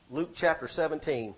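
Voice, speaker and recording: A man preaching a sermon, exhorting the congregation and rising to loud peaks. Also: fairly high pitch, slightly rough. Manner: exhorting, swings to shouting peaks.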